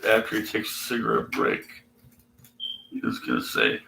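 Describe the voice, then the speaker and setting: Gravelly, profane, sarcastic man. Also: fairly low pitch, sing-song, unhurried, pauses often, sharp tone, reverberant, slight background noise, poor audio. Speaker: atheist video commentator. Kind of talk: ranting commentary reading scripture.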